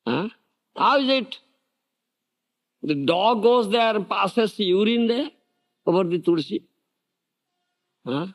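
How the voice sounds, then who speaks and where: An older man from India giving a devotional lecture, animated, firing off rhetorical questions and laughing often. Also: high-pitched. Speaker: spiritual teacher.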